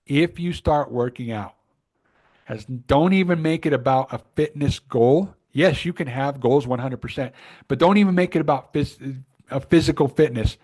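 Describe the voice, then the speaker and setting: Podcast guy coaching listeners, earnest and punchy, mid-pitch everyday voice. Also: moderate pace, darkish tone. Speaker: podcast co-host. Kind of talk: casual motivational chat.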